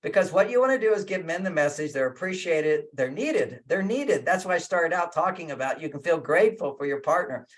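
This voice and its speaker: A man's voice: a little high, fast, hardly any pauses. A man speaking as a guest relationship speaker over a video call, emphatic, repeating his key phrases and acting out what partners might say.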